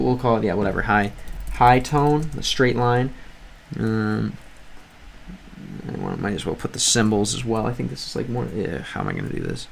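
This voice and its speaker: A language-learning streamer talks casually as he studies live, reading chat messages, thinking aloud and often starting his sentences over. His medium-pitched voice is gravelly with a fairly bright tone, and there's a little hiss or hum in the audio.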